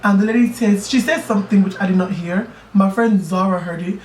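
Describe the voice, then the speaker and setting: A young man tells a personal story to friends in a loose, animated way, often turning to his listeners to make sure they follow. He is recorded from a little way off in an echoey room, with a faint hiss behind him. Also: high voice, brisk, far from the mic. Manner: animated, chatty, keeps asking "do you know what I mean". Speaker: YouTuber telling a personal story. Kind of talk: casual storytelling chat.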